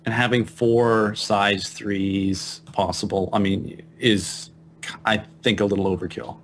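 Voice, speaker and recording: Low-voiced man, co-host, stop-start delivery, a little noise behind. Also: little pitch movement. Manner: halting, restarts his points. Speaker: podcast co-host. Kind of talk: casual gaming podcast chat.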